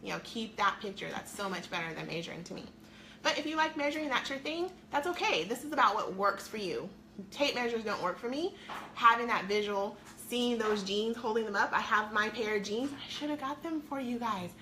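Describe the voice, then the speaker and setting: A woman's voice: fairly high pitch, lively intonation, fairly quick, pushed and bright, a little hiss or hum. A middle-aged woman chatting to viewers on a live stream from her home, a weight-loss coach in an upbeat, talkative manner.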